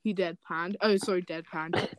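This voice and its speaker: A woman's voice: lowish voice, steady tone, moderate pace, a crowd in the background, rough recording. A young woman casually reading a fanfic aloud, breaking off often to joke and laugh. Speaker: fanfic reader.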